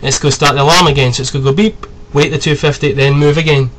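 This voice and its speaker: Chatty young man with a higher voice. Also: fairly even intonation, fast, a bit bright. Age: 20s. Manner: chatty, rambling, swears freely. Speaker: video tutorial host. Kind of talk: casual screen-recorded tutorial.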